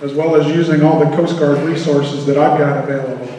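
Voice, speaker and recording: A man's voice: fairly high pitch, steady tone, fairly quick, dark tone, distant mic, a little hiss or hum. Earnest man speaking in an echoey hall. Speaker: Coast Guard officer addressing a public meeting. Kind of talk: public speech. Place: large hall at a public meeting.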